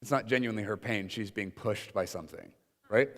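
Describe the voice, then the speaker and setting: A man's voice: lowish voice, fairly quick. Man teaching in an echoey hall. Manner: conversational, with many fillers and acted-out quotes. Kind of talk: informal teaching session. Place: teaching room with an audience.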